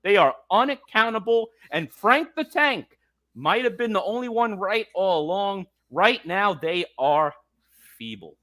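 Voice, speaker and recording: A man's voice: high voice, big pitch swings, a little slow, bright, forceful tone. A man hosting a sports talk show, ranting in a fired-up, exasperated way about his team. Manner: fired-up, ranting, mocking quotes. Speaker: podcast host. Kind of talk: heated sports talk rant.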